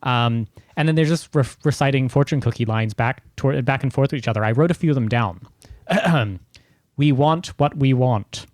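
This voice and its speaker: A man's voice: medium pitch, brisk, dry recording, studio quality. A man chatting on a podcast in a sardonic, rambling way, swearing freely as he picks things apart. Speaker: podcast co-host. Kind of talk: casual podcast chat.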